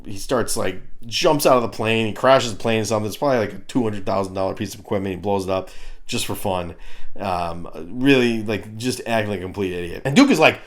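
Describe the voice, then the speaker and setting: A man's voice: fairly low pitch, quick pace. A man in his fifties giving a crude, ranting comedic review of a cartoon.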